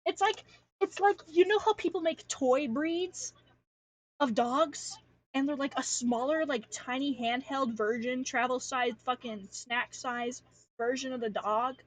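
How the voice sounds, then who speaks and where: A woman's voice: high voice, a little slow, dry recording. Rambling young woman streamer, dry sound. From Alaska. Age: young adult. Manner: rambling, self-deprecating, slangy, swears freely. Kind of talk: casual livestream chat. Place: home room.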